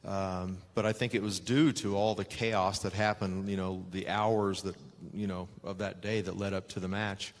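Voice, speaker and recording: Man, low voice, measured interview answers, long room reverb. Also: flat delivery. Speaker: former wrestler, interviewed.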